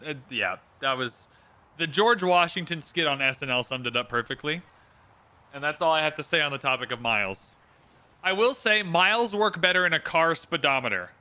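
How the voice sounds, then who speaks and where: Bright, chatty Canadian man streaming. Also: medium pitch, clean tone. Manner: chatty, reads out viewers' locations, swears casually. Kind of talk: casual livestream chat while playing.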